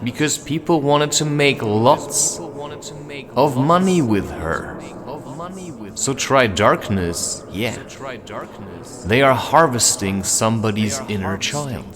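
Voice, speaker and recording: A man films himself on a handheld camera while walking a nighttime forest, drifting through spiritual thoughts and cutting himself off mid-idea. He has a mid-range voice with lively intonation, speaks slowly, and pauses often, with a crowd audible behind him.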